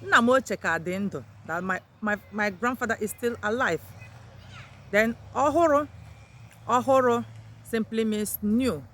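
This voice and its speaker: At a measured pace, this woman's slightly bright voice comes through with a little hiss or hum. As a language teacher running a vocabulary lesson, she raises her pitch sharply on each new word, repeats it, and then gives the explanation.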